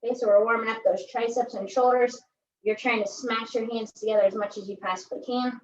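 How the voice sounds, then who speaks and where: A woman's voice: on the high side, steady tone, fairly quick, a little hiss or hum. A woman instructing a pilates workout in a chatty, joking way, often tagging her cues with "right?". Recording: echoey room, distant mic, dull sound.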